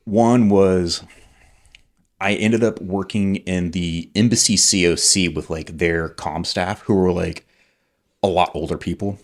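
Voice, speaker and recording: A man's voice: low-pitched, fairly even intonation, unhurried. A man in his forties, a military veteran guest, telling stories in casual chat, rambling with lots of fillers and freely swearing. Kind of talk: casual conversational storytelling.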